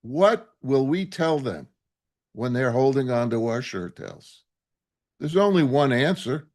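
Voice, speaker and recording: A man's voice: mid-range voice, a little mellow. A man preaching a sermon as a rabbi, indignant and impassioned, asking rhetorical questions.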